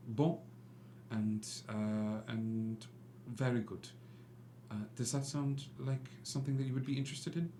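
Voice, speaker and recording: A suave, scheming French gentleman, as a man puts him on, courtly and hesitant with a put-on French accent. He speaks softly and politely. The voice sits in a roomy, echoing space with faint hum behind it. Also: lowish voice, close to an everyday voice. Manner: courtly, hesitant, soft-spoken.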